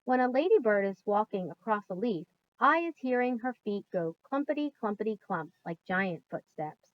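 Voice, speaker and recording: A woman reading as the BFG, a gentle giant. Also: mid-range voice, animated, normal speed, highs cut off, natural voice. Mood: earnest. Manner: mangled grammar, emphatic and earnest. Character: big friendly old male giant, gentle, odd grammar.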